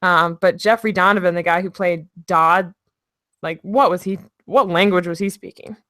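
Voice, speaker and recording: A woman from North Dakota co-hosting a casual podcast, chatty and quick to laugh. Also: lowish voice, fairly bright tone, no room sound, studio quality. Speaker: podcast co-host. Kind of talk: casual chat.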